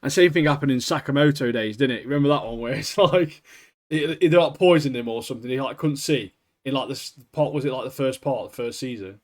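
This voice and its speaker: A man's voice: medium pitch, quick pace. Chatty podcast guy. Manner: rambling, laughs often, lots of "like" and "mate". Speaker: podcast co-host. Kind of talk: casual anime chat.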